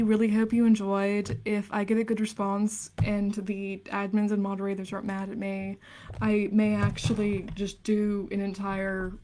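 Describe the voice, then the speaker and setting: A young woman in her twenties reads dense theory aloud on a late-night stream. Her voice is mellow and soft, with little rise and fall. She drops into hushed, casual asides between passages. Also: mid-range voice, a little hiss or hum. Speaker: livestreamer reading aloud.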